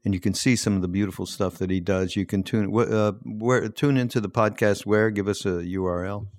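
A man's voice: on the low side, fairly even intonation, brisk, darkish tone, no echo, studio quality. A man hosting a podcast in casual interview chat, laid-back and playful, laughing often. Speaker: podcast host.

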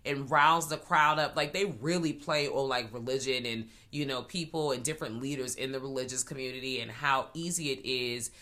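A woman co-hosting a casual chat about a series, animated and slangy, laughing often. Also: extremely low pitch, fairly quick, hardly any pauses. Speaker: podcast co-host.

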